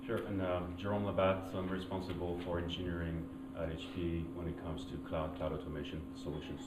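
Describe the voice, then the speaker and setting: A man's voice: deep voice, level tone, brisk. A man speaking as a guest in a conference fireside chat, fluent business talk with restarts. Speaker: guest, engineering executive. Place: conference stage. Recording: roomy hall on a tinny, noisy line.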